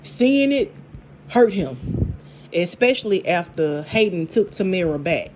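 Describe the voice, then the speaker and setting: A woman, casually recapping a TV drama episode, animated and laughing, with lots of repeats and restarts. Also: on the low side, measured pace, noisy background. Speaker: TV show reviewer.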